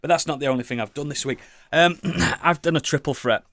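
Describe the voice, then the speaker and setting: A British man co-hosts a casual podcast chat, his slightly high, creaky voice fairly quick and fairly bright. He rambles enthusiastically with lots of swearing and restarts, in a dry, studio-quality recording.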